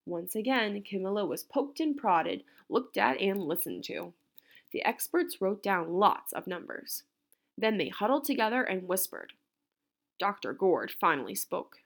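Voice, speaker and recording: A woman teacher reading a picture book aloud to a class, an expressive storyteller. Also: medium pitch, a little slow.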